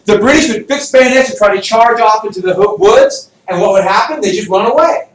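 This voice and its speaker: A man with a high voice whose pitch swings widely teaches history and keeps quizzing his students as he goes. He is picked up from across an echoey classroom with faint room noise behind him. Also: a little fast, distant mic. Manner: animated, jokey, quizzes the class. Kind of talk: classroom lecture with student questions.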